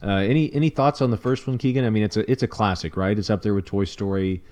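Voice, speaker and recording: Very deep-voiced podcast host. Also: male voice, fast talker, a little mellow. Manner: easygoing, leads the discussion. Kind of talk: casual podcast chat.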